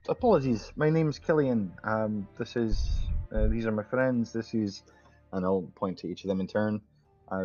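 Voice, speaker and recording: A man's voice: lowish voice, darkish tone, muffled recording. A man playing his character in a tabletop game, speaking in a friendly, hesitant way with plenty of fillers. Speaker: player. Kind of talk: in-character tabletop role-play.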